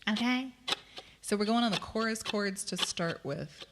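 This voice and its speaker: A woman's voice: medium pitch, animated, measured pace, music in the background. A woman teaching ukulele in a live-streamed lesson, chatty and self-deprecating, often laughing between explanations. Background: her own ukulele playing.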